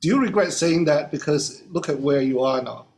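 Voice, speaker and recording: A man's voice: a little high, moderate pace, a little mellow. A man hosting an interview, hesitant, with many fillers and repeated words. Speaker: interviewer host. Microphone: video call.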